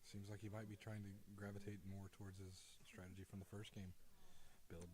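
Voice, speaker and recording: Quiet, laid-back man co-commentating. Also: low voice, flat delivery, fairly quick. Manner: naturally quiet, soft-spoken. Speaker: tournament co-commentator. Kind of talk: live stream game commentary.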